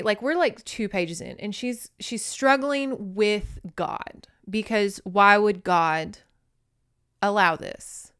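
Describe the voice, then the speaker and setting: A woman hosts a podcast and recaps a novel in a casual, playful way, with joking, dramatic asides. Her voice is smooth and clear at a mid pitch. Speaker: podcast host. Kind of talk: casual book recap and reading aloud.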